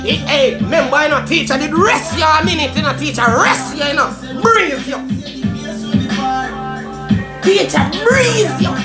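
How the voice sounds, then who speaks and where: A woman with a Jamaican accent ranting comically in patois, swearing, shouting and slipping into a sing-song delivery. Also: high voice, lively intonation, measured pace, pauses often, roomy sound, loud music behind the voice. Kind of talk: comedic rant in patois.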